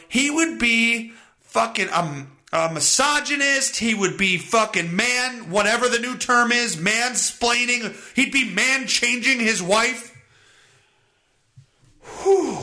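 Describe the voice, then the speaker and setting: A man hosting a podcast, ranting profanely and bursting into yells while reading an article aloud. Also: high voice, big pitch swings, normal speed. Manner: profane, loud, bursts into yelling. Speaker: podcast host. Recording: echoey room.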